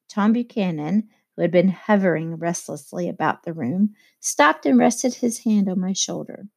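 A woman narrating an audiobook in a measured, expressive reading. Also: on the low side, gravelly. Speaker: audiobook reader. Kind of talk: scripted narration.

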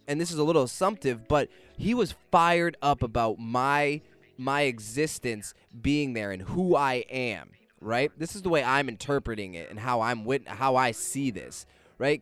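A young man casually telling a personal story out loud, animated, swearing freely and laughing as he goes. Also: medium pitch, clean tone, no room sound.

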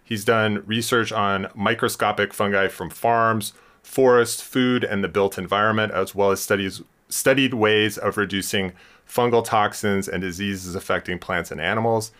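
A man's voice: on the low side, steady tone, normal speed, a bit bright. A man hosting a science podcast interview, talking casually with frequent ums and restarts. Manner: hesitant, many ums and restarts. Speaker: podcast host.

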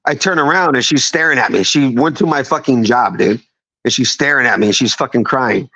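A man's voice: mid-range voice, a little fast, bright, forceful tone. A man of fifty telling a story on a podcast, rambling and swearing as he talks. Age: 50s. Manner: profane, rambling, emphatic. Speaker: podcast guest. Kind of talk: casual storytelling. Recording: dull lo-fi sound.

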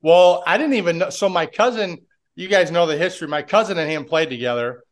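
Brief: male coach guest, slightly higher voice, rambling casual storyteller. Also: brisk. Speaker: assistant head coach, guest. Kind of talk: casual podcast interview.

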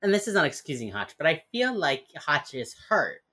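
A woman's voice: low-pitched, big pitch swings, normal speed, a bit bright. A woman co-hosting a podcast, chatting casually about a TV episode, swearing and animatedly acting out characters' lines. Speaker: podcast co-host. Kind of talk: casual chat recapping a TV episode.

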